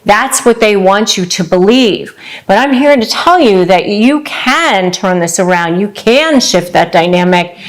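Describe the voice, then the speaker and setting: A middle-aged woman lawyer giving earnest, quick advice straight to camera, acting out the lines she quotes. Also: medium pitch, lively intonation. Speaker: divorce lawyer and coach. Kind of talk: direct-to-camera advice talk.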